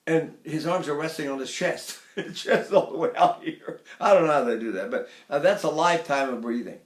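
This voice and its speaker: Older man, high voice, echoey room. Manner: demonstrates by sighing and singing phrases high. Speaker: voice teacher. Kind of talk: vocal technique lesson.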